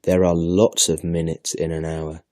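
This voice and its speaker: A man's voice: low-pitched, level tone, a little slow, a little mellow, dry recording, clean studio sound. A man voicing a sulky, boastful young boy who talks down to his guest in a storybook reading. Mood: dismissive. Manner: dismissive, know-it-all.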